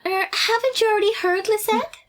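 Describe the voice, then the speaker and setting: A woman's voice: very high-pitched, fairly quick, pitched above the performer's own voice. A woman voicing a snobby, haughty teenage schoolgirl rival in a casual game playthrough, with a smug, mocking delivery. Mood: snooty. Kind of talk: amateur let's-play voice acting.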